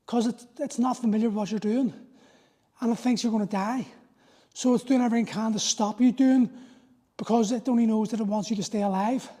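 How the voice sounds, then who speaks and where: A man's voice: high-pitched, fairly even intonation, a little fast, mellow. A man in his forties, a fitness coach talking through a live workout, explaining and motivating in an earnest way. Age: 40s.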